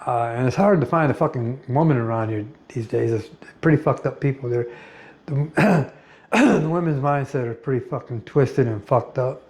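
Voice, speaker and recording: Middle-aged man, from the US, blunt and profane, halting, many fillers, rambling monologue. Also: mid-range voice, darkish tone. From United States. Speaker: vlogger.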